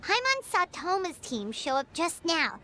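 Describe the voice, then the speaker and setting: Paimon, a squeaky chirpy fairy. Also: female voice, sing-song, unhurried, bright, forceful tone, full character voice. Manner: bubbly, talks about herself in the third person. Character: tiny floating female fairy companion, chirpy and excitable. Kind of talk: game voice acting. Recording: game audio with audible background noise.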